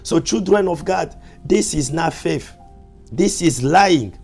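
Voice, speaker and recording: A male pastor preaching a sermon, repeating his points with emphasis and dropping to soft, low asides. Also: lively intonation, slow pace, creaky, breathy edge, soft background music.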